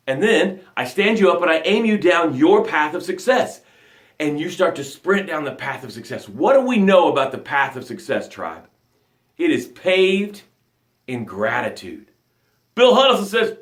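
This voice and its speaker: A man with a fairly high voice hosts a live motivational broadcast as a coach, speaking at normal speed. He is energetic and emphatic, reading out viewer comments, and the sound is reverberant.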